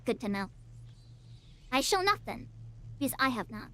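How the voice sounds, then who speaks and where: A woman's voice: sits high, very animated, normal speed, sharp tone. A woman streamer giving chatty, playful, self-mocking commentary while playing a game. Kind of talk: casual gameplay commentary.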